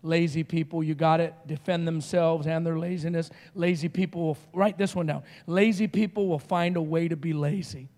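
A middle-aged man preaching as a guest speaker, telling stories with animated energy and shouted outbursts. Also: on the high side, normal speed, hardly any pauses, long reverb tail. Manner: animated storytelling, shouting quoted screams. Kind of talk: sermon.

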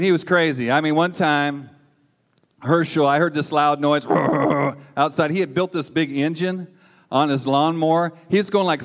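A middle-aged man preaching a sermon and telling his own story in a folksy, emphatic way. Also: fairly high pitch. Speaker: pastor. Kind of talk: sermon with personal testimony. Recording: long hall reverb.

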